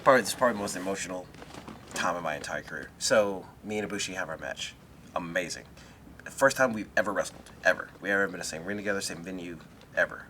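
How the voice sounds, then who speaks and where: A young adult man, a wrestler being interviewed, telling an emotional story in an animated way, with quick bursts and restarts. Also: low-pitched. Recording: faint background noise.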